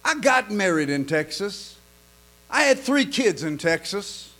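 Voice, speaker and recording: A man preaching in a folksy, joke-telling sermon style, stammering and repeating himself, swinging from quiet asides to loud punchlines. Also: sits high, big pitch swings, unhurried. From lives in Oklahoma.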